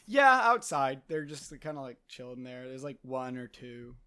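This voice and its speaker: A man's voice: medium pitch, sing-song, moderate pace, sharp tone, smooth. A man narrating as game master of a tabletop game, hesitant and full of fillers. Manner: hesitant, filler-heavy, laughs often.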